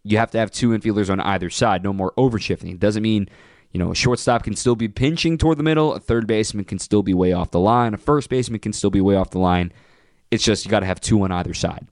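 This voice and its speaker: A man hosting a sports radio show, ranting with opinionated, punchy emphasis and sudden jumps in pitch. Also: quick pace, a little mellow, dry recording, studio quality.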